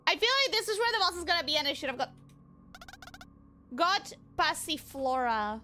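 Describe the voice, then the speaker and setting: A woman streaming a video game and talking through it live, excitable and swearing, often repeating herself. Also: high voice, normal speed, soft background music. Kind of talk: live gameplay commentary.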